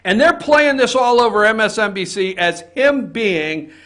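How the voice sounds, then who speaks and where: A man's voice: high-pitched, lively intonation, normal speed, fairly bright tone. A man hosting an opinion talk show from an office, ranting heatedly and swearing often.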